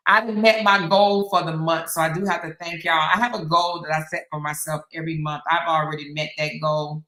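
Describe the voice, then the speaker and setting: A woman's voice: on the low side, a bit bright, roomy sound, poor audio. A woman hosting a casual commentary stream, reading viewer comments aloud in a sassy, mocking way and laughing often. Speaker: host.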